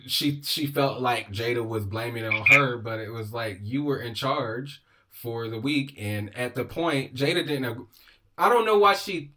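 A man's voice: mid-range voice, measured pace, bright, forceful tone. A man hosting a casual chat show, rambling with many restarts and giggling. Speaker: podcast host.

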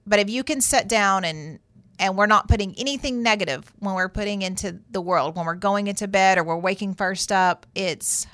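A woman therapist talks through advice in a relaxed, emphatic way, sometimes playing out the doubting voices in people's heads. Her voice is bright and forward, recorded close and dry with no room sound. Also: mid-range voice, moderate pace, no echo. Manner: conversational, emphatic, acts out inner voices. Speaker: therapist host. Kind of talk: advice monologue.

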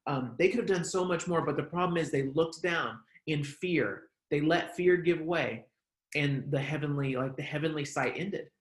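A man's voice: a little high, normal speed, roomy sound. A man preaching a casual online sermon, talking conversationally with lots of "like" and "um". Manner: conversational, many fillers like "like" and "um". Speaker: pastor.

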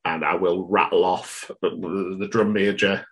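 A man's voice: low voice, fairly even intonation, unhurried, fairly bright tone. A man playing a rambling, pompous professor. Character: fussy male Cambridge professor on the phone.

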